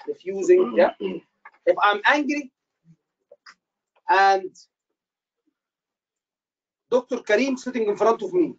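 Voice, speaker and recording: A man tutoring doctors for an exam, quizzing his class with quick questions and repeating key phrases for emphasis. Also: high voice, muffled recording. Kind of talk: live teaching session.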